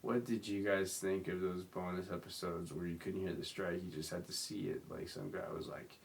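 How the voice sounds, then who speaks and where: Drunk sleepy young guy rambling on his own podcast, low voice, keeps saying sorry. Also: fairly even intonation, normal speed, hardly any pauses. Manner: slurred, apologetic, rambling. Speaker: podcast host. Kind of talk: rambling solo podcast monologue.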